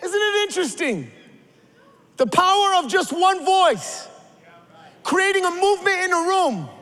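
High-voiced animated preacher man. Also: measured pace, long reverb tail. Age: 40s. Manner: animated storyteller, builds to emphatic preaching. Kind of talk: sermon with storytelling.

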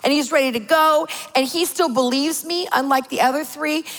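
Woman, 40s, high voice, sermon, playful exaggerated storytelling, long hall reverb. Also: moderate pace, a bit bright. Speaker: pastor's wife preaching.

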